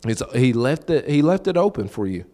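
A man preaches a loose, conversational sermon, asking listeners questions, repeating words, and acting out quoted voices. His voice is medium-pitched and warm, very animated, and fairly quick.

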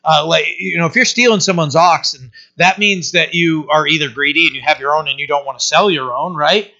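Bright-voiced man teaching a Bible passage. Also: fairly high pitch, a little fast. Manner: conversational, often asking "right?". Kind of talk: casual verse-by-verse Bible teaching. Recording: dull lo-fi sermon recording.

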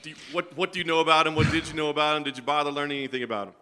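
A man asking a fighter questions as a reporter, halting and hesitant. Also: fairly high pitch, fairly even intonation, bright, forceful tone. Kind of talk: interview questions. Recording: reverberant room.

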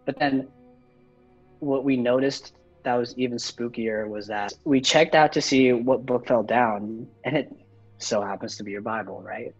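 A man's voice: medium pitch, a little slow, husky, lo-fi sound, soft background music. A young man casually telling a personal story, rambling with lots of fillers and swearing.

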